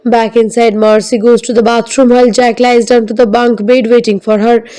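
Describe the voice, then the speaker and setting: A woman narrating a scripted film recap in a steady, even storytelling manner. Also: a little high, moderate pace, low-quality recording.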